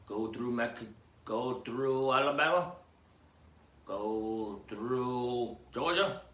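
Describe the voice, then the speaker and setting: A man hosting a rambling comedy podcast, talking theatrically and jokily, jumping from loud outbursts to mumbled asides, on grainy audio with clicks. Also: mid-range voice, roomy sound. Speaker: podcast host.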